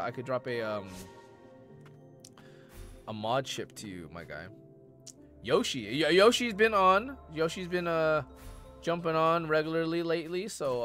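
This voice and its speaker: A man streaming a video game live, chatting casually with viewers and bursting into excited outbursts between mumbled asides. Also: a little high. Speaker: gaming streamer. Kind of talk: live gameplay stream chat. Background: faint game music.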